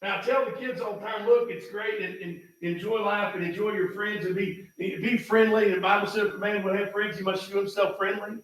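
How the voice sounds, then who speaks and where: A pastor preaching a folksy sermon, repeating himself and building up to shouts. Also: male voice, high voice, fairly even intonation, fairly quick, hardly any pauses. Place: church sanctuary. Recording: echoey hall, mic far off.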